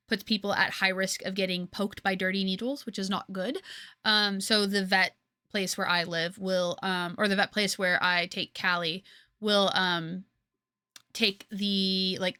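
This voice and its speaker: Young canadian girl streaming, rambly, lots of ums, bright voice, dry close sound. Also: mid-range voice, no room sound. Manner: chatty, rambling with many fillers and restarts. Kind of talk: casual chat with viewers. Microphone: headset.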